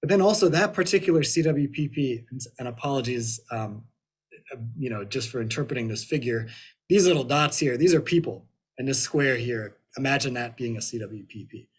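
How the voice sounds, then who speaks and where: Slightly hoarse man presenting research. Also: mid-range voice, fairly quick. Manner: hesitant, many fillers and restarts. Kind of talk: webinar presentation. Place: at home in Ohio.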